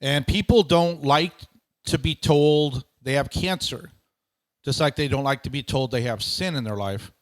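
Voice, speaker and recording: A man's voice: medium pitch, measured pace. A man appearing as a guest preacher on a talk show, speaking in an earnest, plain-spoken way. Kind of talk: casual talk show discussion.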